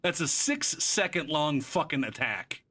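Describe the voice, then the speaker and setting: A man's voice: fairly high pitch, very animated, unhurried, sharp tone. A man streaming a game live, ranting about it in a frustrated, profane way and drifting into rambling asides. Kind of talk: live gameplay commentary.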